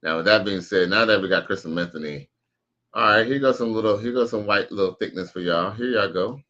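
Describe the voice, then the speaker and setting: A man's voice: on the low side, fairly quick, bright, forceful tone, dull audio. A man casually commenting on a live stream, slangy and profane, reacting to clips and reading out chat. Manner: laid-back, slangy, profane, reads out chat messages.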